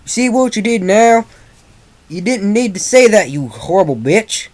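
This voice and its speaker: A tough, protective cowgirl pony mare, played by a man with a put-on Southern US drawl. The voice is pushed high over a low male reading voice and turns to shouting when she is angry. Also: unhurried, natural voice. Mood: screaming.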